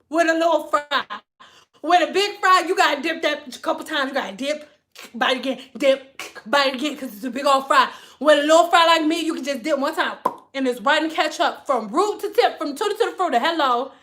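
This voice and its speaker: A woman's voice: sits high, a bit bright. A young woman from Detroit chatting casually on a livestream, rambling and laughing a lot as she talks. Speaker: vlogger.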